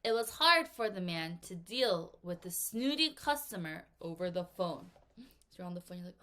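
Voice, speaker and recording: A woman's voice: mid-range voice, moderate pace. A woman teaching English vocabulary to children, reading examples aloud and acting out little scenes in playful voices. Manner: lively, acts out little examples in silly voices and whispers. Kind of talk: vocabulary lesson for kids.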